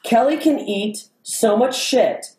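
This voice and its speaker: A woman's voice: a little high, slow. Bubbly chatty woman host, roomy sound. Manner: bubbly, animated storytelling with laughs. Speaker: podcast host. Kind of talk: casual chat.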